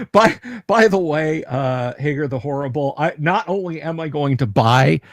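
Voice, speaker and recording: Halting Southern American man hosting. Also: a little high, big pitch swings, dry recording, clean studio sound. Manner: rambling, halting with repeated words and joking asides. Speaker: livestream host. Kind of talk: casual livestream chat.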